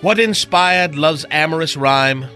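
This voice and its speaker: A man reading joke love poems on a radio morning show, pausing before each punchline and laughing at his own jokes. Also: fairly high pitch, over music.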